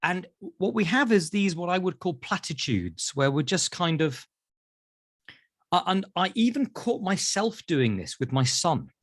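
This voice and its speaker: A British man, a therapist, telling animated stories in an interview and acting out voices. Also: high-pitched, unhurried, no room sound, studio quality. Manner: acts out voices in anecdotes. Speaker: therapist guest.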